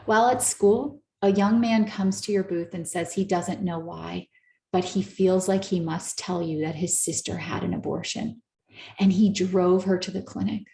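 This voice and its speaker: A woman therapist giving an earnest, coaching talk to a live audience, slowing down to stress her points. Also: lowish voice, fairly even intonation, vocal fry, mellow, reverberant. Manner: earnest, coaching, slows down for emphasis. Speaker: therapist and speaker.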